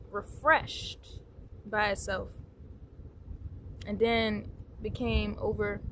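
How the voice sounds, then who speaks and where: A woman talks her way through a loose spiritual monologue in a mid-range voice, circling back and repeating words as she goes. The recording is noisy, with vehicle sounds in the background. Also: medium pitch. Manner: meandering, repeats words, occasional soft laughs. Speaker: spiritual teacher.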